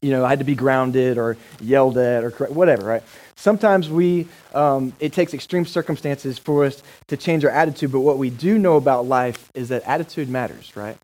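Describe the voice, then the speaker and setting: A man's voice: mid-range voice, a little fast, darkish tone, low-quality recording. A male pastor giving a sermon in a casual, enthusiastic, joking manner.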